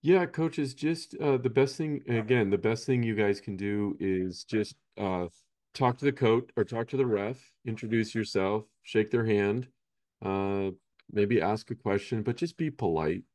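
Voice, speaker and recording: A man's voice: on the low side, measured pace, darkish tone. A man, a basketball coach, chatting casually on a podcast, rambling and often ending points with "right?".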